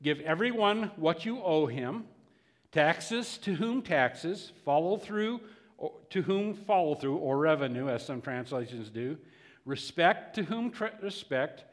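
Conversational preacher in a reverberant hall. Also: male voice, fairly high pitch, lively intonation, a little slow. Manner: conversational, with frequent restarts and repeated words. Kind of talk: sermon.

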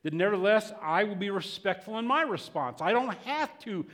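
Man preaching, chatty, keeps restarting his sentences, slightly high voice, lots of hall reverb. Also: expressive, a little fast, fairly bright tone. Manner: conversational, with frequent restarts and repeated words. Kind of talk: sermon.

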